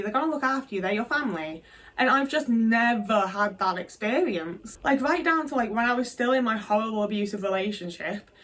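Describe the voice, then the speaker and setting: Heard a little distant from the mic, a woman speaks with frank, emotional candour, peppering her vlog story with fillers and the odd swear word. Her pitch sits mid-range for a woman. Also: a bit bright. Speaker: vlogger. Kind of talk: candid personal vlog.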